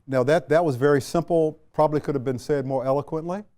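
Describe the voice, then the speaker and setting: Mellow-voiced man telling a story. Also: fairly high pitch. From Washington, D.C. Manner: unhurried, frequent fillers and restarts. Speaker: interview guest, retired general. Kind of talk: reflective storytelling.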